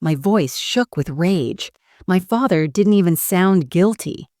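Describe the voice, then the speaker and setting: Low-voiced woman narrating a story. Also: animated, slow, dark tone, no echo, clean studio sound.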